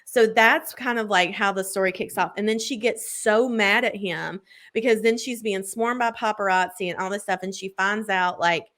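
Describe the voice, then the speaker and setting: A woman's voice: medium pitch, normal speed, a bit bright. Gushing woman recapping a book casually. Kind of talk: casual chat.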